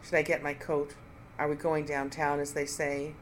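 A reader voicing a composed female professor in her fifties who speaks flatly and coldly. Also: medium pitch, normal speed, a little hiss or hum, lightly acted, rough recording. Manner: flat, calm and cold.

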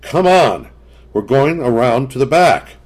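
A man's voice: medium pitch, normal speed, breathy edge, close to an everyday voice. A man voicing an insistent husband in a read-aloud story, speaking in a commanding manner. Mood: angry. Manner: forceful, commanding. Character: angry insistent adult husband.

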